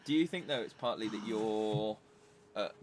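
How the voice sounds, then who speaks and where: Man musing in a relaxed chat. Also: fairly low pitch, normal speed, crowd noise. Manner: thoughtful, searching for words with ums and restarts. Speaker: podcast co-host. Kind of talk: casual podcast chat.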